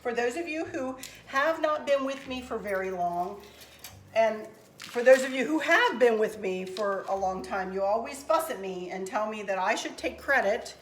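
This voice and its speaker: A woman's voice: on the high side, lively intonation, measured pace. A middle-aged woman, hosting a craft tutorial in a chatty, rambling, upbeat way from a room at home. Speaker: craft channel host. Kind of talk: casual craft tutorial chat. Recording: roomy with faint background noise.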